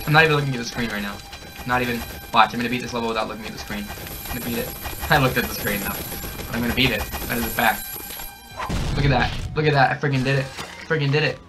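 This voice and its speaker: A young man hyped up on energy drinks, narrating his gameplay, yelling and cackling at every death and win. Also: medium pitch. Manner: excitable, shouts and cackles at the game. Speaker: gaming channel host. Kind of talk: hyper gameplay commentary. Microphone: desk mic with a camera nearby.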